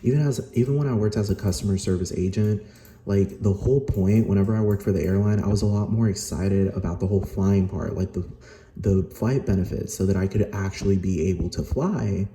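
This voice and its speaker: A Spanish-speaking Puerto Rican vlogger with a fairly low, mellow voice talks a little fast in a heated, foul-mouthed rant to camera, saying "like" a lot. There's slight background noise and an echoey room sound.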